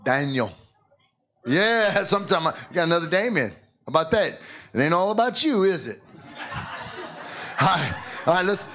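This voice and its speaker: A man's voice: sits high, a bit bright. A pastor leading a church service with children, playful and joking, often laughing as he talks. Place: church in Philadelphia.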